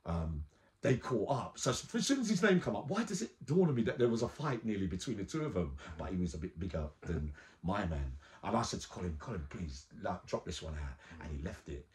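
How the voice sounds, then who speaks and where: A man's voice: deep voice, big pitch swings, brisk, darkish tone. A middle-aged man, hosting a casual interview, eager and interjecting often. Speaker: host.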